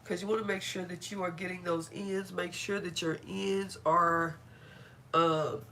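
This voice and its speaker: A woman's voice: fairly low pitch, fairly even intonation, a little slow, bright, forceful tone, slight background noise. A middle-aged woman chatting casually on a live stream while doing her hair, laughing often and greeting viewers by name.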